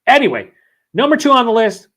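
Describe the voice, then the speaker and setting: A man's voice: very high-pitched, big pitch swings, a little fast, pushed and bright. A young man hosting a long live beer vlog, rambling casually and swearing often as he reads out chat comments, his voice worn from hours of talking. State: voice worn after hours of streaming.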